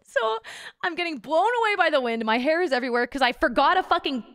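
A woman's voice: sits high, expressive, fast talker, a bit bright, no echo, clean studio sound. A young woman streaming as a VTuber, telling a story in casual chat, bubbly and giggly and swearing constantly.

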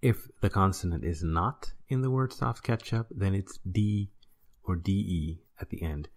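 Man, deep voice, gravelly, casual tutor, patient explanations, online lesson. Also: unhurried. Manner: relaxed, explanatory, frequent "uh" and "right?". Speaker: language teacher.

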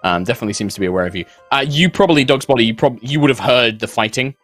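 A British man narrating a tabletop role-playing game as game master, describing scenes haltingly with many fillers. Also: medium pitch, fairly bright tone, dry recording, faint music behind. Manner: hesitant, with many fillers and restarts.

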